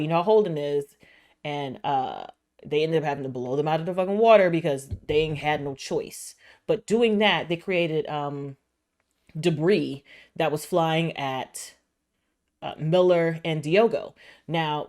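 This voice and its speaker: Low-pitched woman chatting fast and loose about a show, swears a lot, keeps hunting for the word. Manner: animated, slangy, swears, searches for words. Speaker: reaction video host. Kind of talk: casual recap and reaction.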